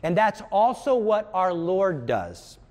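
Emphatic male prayer teacher, high-voiced, earnest. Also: big pitch swings, takes it slowly, a little mellow. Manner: earnest and emphatic, repeats words for stress. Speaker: religious teacher.

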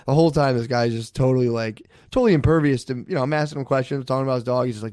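A man's voice: mid-range voice, rapid-fire, a little mellow, no echo, studio quality. A young man chatting casually on a podcast, telling rambling stories with lots of swearing and acted-out quotes. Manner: laid-back, swears a lot, acts out quotes. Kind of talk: casual podcast chat, storytelling.

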